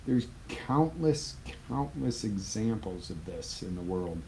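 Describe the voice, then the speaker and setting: A man giving a live motivational talk as a life coach, emphatic and conversational, swinging from loud bursts to quiet asides. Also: on the low side, big pitch swings, takes it slowly, a little hiss or hum, low-quality recording.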